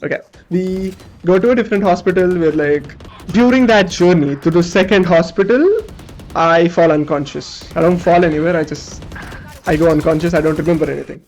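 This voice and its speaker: A young male streamer casually tells a story while gaming, animated, swearing now and then and acting out what people said. His voice is fairly high-pitched and brisk.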